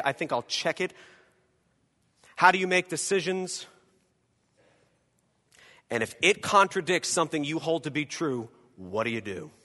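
A male pastor preaching a dramatic sermon in a church, acting out imagined voices and swinging between loud and quiet. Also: mid-range voice, big-room sound. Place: church hall.

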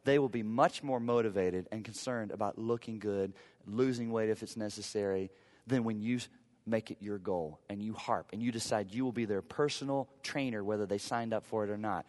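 A man's voice: lowish voice, normal speed, darkish tone. A man preaching a sermon from the pulpit, talking conversationally and with emphasis, using humor and repeated phrases to drive points home. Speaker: pastor. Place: church sanctuary. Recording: long reverb of a church hall.

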